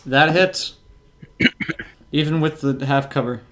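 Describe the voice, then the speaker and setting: A man acting as game master in a tabletop role-playing session, unhurried and full of filler words. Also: fairly high pitch, fairly bright tone, slight background noise.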